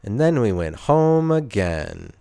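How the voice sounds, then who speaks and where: Low, smooth-voiced rambling man. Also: wildly swooping pitch, takes it slowly, mellow, no room sound. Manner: self-interrupting, sardonic, restarts sentences. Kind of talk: rambling solo monologue.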